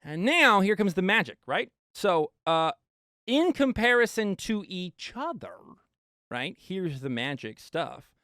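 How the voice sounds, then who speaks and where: A male mixing engineer giving an animated studio tutorial, with playful asides to viewers. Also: high voice, slow pace, no room sound.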